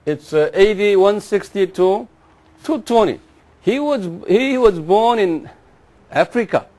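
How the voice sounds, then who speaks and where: A man giving a classroom lecture, repeating names slowly and having the class say them after him. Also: high-pitched, expressive, a little mellow. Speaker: Bible teacher.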